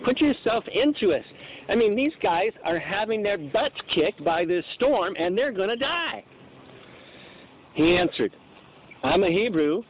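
Lively high-voiced man preaching. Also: a little hiss or hum. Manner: animated, acts out voices in scripture. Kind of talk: sermon. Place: church. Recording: dull lo-fi recording.

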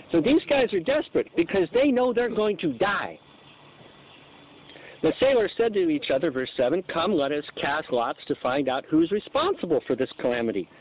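A man preaching a sermon, acting out the voices in the scripture he reads. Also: fairly high pitch. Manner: animated, acts out voices in scripture. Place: church. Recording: dull lo-fi recording.

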